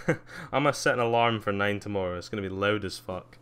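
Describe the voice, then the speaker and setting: A man giving live gameplay commentary, excitable, squealing at jumps, laughing often and chatting with viewers. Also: lowish voice, brisk, clear, resonant tone. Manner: excitable, squeals gleefully at jumps and mocks himself; chats with viewers while playing, laughs often. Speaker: streamer playing a video game.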